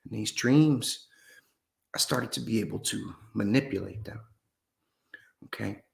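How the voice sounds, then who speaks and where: A man playing a grandiose, rambling mystic who muses slowly and solemnly in a comedy sketch. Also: lowish voice, creaky. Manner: slow, solemn pseudo-scientific musing, drawn-out pauses. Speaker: guest in a parody interview.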